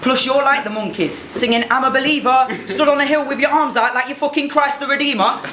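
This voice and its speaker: Brash young battle rapper, high-pitched. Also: male voice, a little fast, over music. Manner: brash, mocking, punchline delivery. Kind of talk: battle rap performance. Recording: loud crowd and heavy noise. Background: loud cheering crowd.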